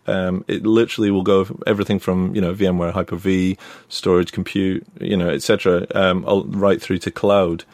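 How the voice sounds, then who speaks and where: A Scottish man speaks as a podcast guest in a low, deep voice. He rambles easily with plenty of fillers, and the sound is close and dry. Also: no room sound. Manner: relaxed, rambling, many fillers. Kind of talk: casual interview chat.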